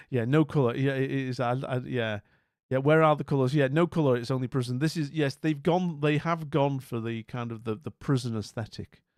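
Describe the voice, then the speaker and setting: On a live stream, a man rambles in a bemused way, tripping over restarts, at normal speed with a middle pitch and a darkish tone. The close, dry mic picks up no room sound whatsoever.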